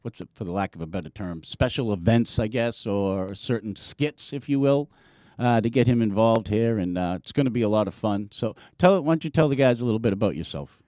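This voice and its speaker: A man's voice: on the low side, lively intonation, fairly quick, warm tone, dry recording, clean studio sound. A man hosting a casual sports podcast, swearing, telling stories and ribbing his guest. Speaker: podcast host.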